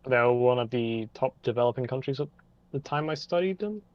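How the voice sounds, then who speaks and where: A man co-hosting a casual podcast, teasing his friend in quick banter. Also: medium pitch, expressive, dry recording. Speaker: podcast co-host. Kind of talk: casual chat. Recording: dull lo-fi sound.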